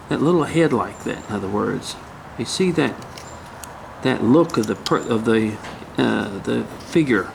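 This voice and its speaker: Folksy male carving teacher with a gravelly voice, mid pitch, chatty demo. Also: slight background noise. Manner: folksy, hums and mutters while working. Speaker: woodcarving instructor. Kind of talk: casual step-by-step demonstration.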